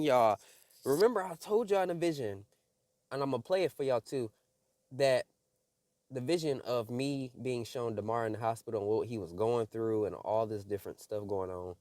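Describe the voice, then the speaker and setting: A man's voice: fairly low pitch, a little mellow, no echo, studio quality. A man giving casual spiritual commentary to his viewers, preachy and urgent, often calling them "y'all.". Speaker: religious video creator.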